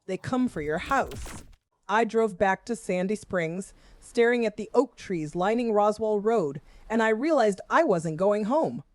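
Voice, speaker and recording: A woman in her forties from the Southern US, a school principal telling her own story in measured, wry, confessional first-person narration. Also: mid-range voice, a little mellow, no room sound.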